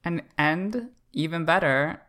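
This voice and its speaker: A man's voice: on the high side, lively intonation, takes it slowly, sharp tone. Campy teasing man from Canada. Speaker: podcast co-host. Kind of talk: casual comedic chat.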